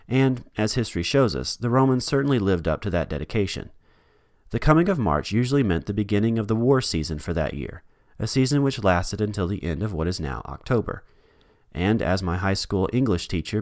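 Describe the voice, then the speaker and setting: A man's voice: fairly low pitch, no echo, clean studio sound. A man hosting a podcast, reading a scripted history narration with wry, joking asides. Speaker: podcast host.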